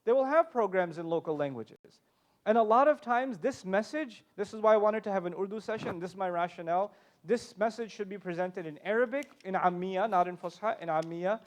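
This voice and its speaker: High-voiced, animated male panel speaker. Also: brisk. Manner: animated, emphatic, joking asides. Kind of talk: passionate lecture talk.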